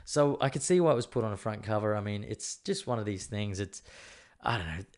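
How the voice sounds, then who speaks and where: A man's voice: lowish voice, animated, fairly quick, a little mellow. A man hosting his own show, chatting in a rambling, candid and opinionated way, his voice strained and dry. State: voice strained, worried about losing it. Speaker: podcast host. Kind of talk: casual solo show chat.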